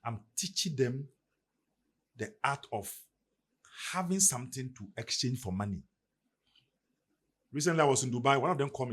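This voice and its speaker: A man's voice: mid-range voice, expressive, moderate pace, long pauses, a bit bright, husky. A middle-aged man from Ghana with a Ghanaian English accent, speaking in an emphatic, preacherly way as a podcast guest. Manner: preacherly, emphatic, rising and falling delivery. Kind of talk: motivational podcast talk.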